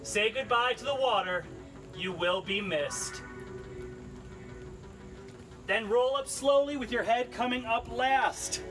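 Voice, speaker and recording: A man's voice: very high-pitched, takes it slowly, pauses often, music in the background. A man leading a live-streamed workout class, upbeat and cheery, cracking puns between exercise cues. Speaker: fitness instructor. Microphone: camera mic he adjusts.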